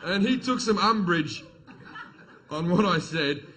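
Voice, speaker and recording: A brash man working a live crowd on stage, his voice bright and forceful and sitting a touch high. He talks bluntly and swears freely, as a stand-up comic does. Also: animated, unhurried, low-quality recording. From Australia. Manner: profane, blunt, swaggering delivery with acted quotes. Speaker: stand-up comedian. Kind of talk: stand-up comedy storytelling. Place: live comedy venue with audience.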